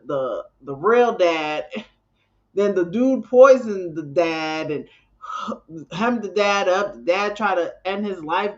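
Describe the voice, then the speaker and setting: A woman chats on a live reaction stream, sounding exasperated and rambling with many restarts. The audio comes through muffled and lo-fi. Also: lowish voice.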